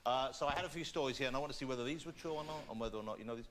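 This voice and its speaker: A man's voice: mid-range voice, very fast, a crowd in the background. A man hosting a chat show in a TV studio, playful and teasing as he interviews guests. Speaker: talk show host. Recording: studio audience and noise.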